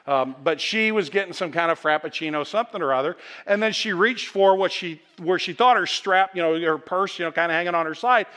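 A man's voice: high voice, brisk, few pauses, fairly bright tone. A middle-aged man, a pastor, preaching a conversational sermon to his congregation, often stammering and repeating words as he goes. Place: church sanctuary with congregation.

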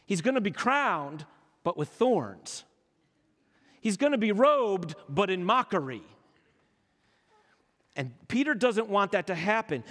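In a church hall, a high-pitched man with a fairly bright tone delivers an emphatic sermon packed with rhetorical questions. The pastor's words trail off in long hall reverb.

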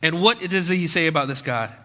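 A man's voice: a little high, fairly quick, bright, forceful tone. A man preaching a sermon in a conversational way, full of rhetorical questions and acted-out quotes. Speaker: pastor. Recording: long hall reverb.

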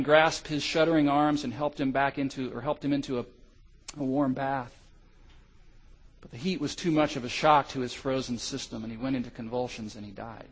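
A middle-aged male pastor telling a story in a sermon, swinging from loud cries to hushed lows. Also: low-quality recording.

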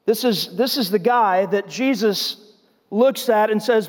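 A man's voice: high voice, unhurried, in a large hall. A male pastor preaching a sermon, telling the scripture story in a conversational way and acting out the scenes. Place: church sanctuary.

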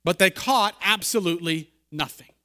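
High, bright-voiced pastor in a reverberant church. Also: male voice, moderate pace. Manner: conversational retelling with fillers and repeats. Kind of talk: sermon with scripture reading and prayer. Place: church sanctuary.

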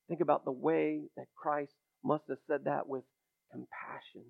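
A male preacher with a high, gravelly voice delivers an impassioned sermon, dropping to near-whispers before swelling into loud, ringing declarations. The sound is narrow and phone-like, as if heard down a telephone line. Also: steady tone, moderate pace. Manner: impassioned, builds from hushed to loud. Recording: thin phone-like recording.

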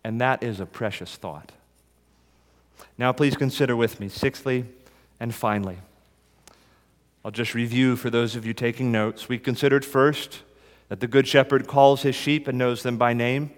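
A man's voice: mid-range voice, fairly even intonation. Male pastor preaching in a reverberant hall. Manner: swings from soft and slow to loud and rising in appeals. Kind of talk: sermon.

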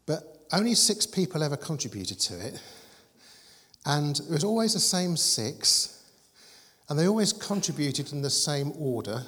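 A man's voice: a little high, big pitch swings, a little slow, a bit bright. A man preaching a sermon, telling stories in a conversational, humorous way. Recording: long hall reverb.

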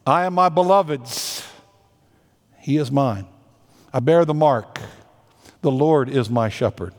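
A man's voice: medium pitch, takes it slowly. A man preaching a sermon as a senior pastor, earnest and emphatic, drawing out the words he stresses. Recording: long hall reverb.

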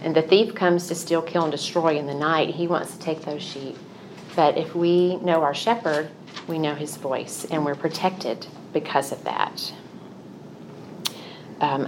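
A woman's voice: deep voice, fairly even intonation, unhurried, slight background noise. A middle-aged woman giving a Christian teaching talk, telling personal stories in an earnest, confessional way. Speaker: Christian speaker.

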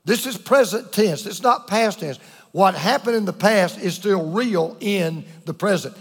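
A man preaching a sermon to his congregation. He speaks earnestly, repeats phrases for emphasis, and drops to a hush on the key words. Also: sits high, unhurried, slightly rough, long reverb tail. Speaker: pastor. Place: church.

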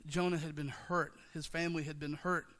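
Guy preaching in church, high voice, kinda bright, repeats stuff, echo of a big room. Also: level tone, brisk. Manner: passionate, repetitive call-and-response preaching. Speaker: pastor. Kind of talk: sermon. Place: church sanctuary.

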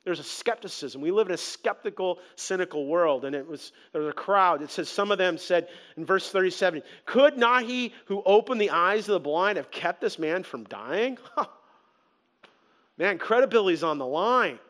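Animated high-voiced man preaching. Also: moderate pace. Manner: animated, conversational preaching with humor. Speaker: pastor. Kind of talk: sermon.

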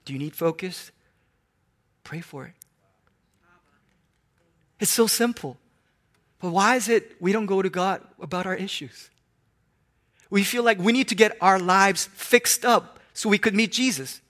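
A man preaching a sermon, swinging between hushed tones and loud, animated exclamations. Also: sits high, unhurried, long pauses.

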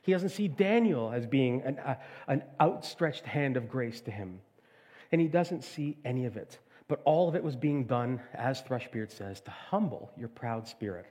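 Middle-aged preacher guy, telling a fairy tale in his sermon, chatty and lively, mid pitch. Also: moderate pace. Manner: storytelling, retelling a fairy tale with voices and asides. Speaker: pastor.

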